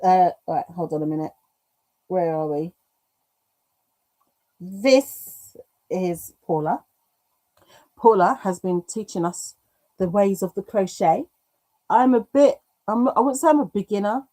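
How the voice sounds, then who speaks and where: A British woman hosting a craft livestream, chatting casually and reading comments aloud, self-mocking and quick to laugh, with an occasional cough. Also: medium pitch, expressive, warm tone. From United Kingdom. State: coughing now and then.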